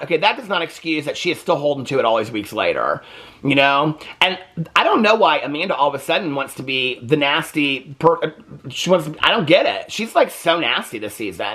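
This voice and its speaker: Offering casual, opinion-heavy commentary on a reality TV show, this recap host leans constantly on "like" as a filler. His voice is on the high side, sharp in tone and slightly rough.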